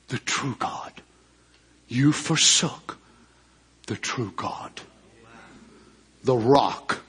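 Husky preacher man, wide pitch swings. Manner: swings from shouted climaxes to low hushed asides; preaching cadence with drawn-out emphatic words. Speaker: pastor. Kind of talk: sermon.

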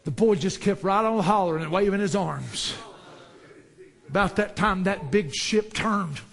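A man preaching a sermon, building to fervent shouts and dropping back down low. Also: unhurried, gravelly. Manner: rises to fervent shouts, then drops low.

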